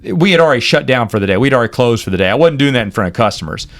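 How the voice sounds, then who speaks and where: A man in his forties spins personal stories in a casual podcast chat. His voice is mid-pitched and rises and falls a great deal as he acts out the people he quotes. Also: expressive, rapid-fire, vocal fry, fairly bright tone. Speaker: podcast host. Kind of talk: casual storytelling.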